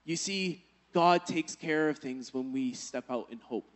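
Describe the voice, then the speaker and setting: A man's voice: on the high side, a little slow. A male pastor preaching a sermon, telling a personal story and then building to emphatic exhortation.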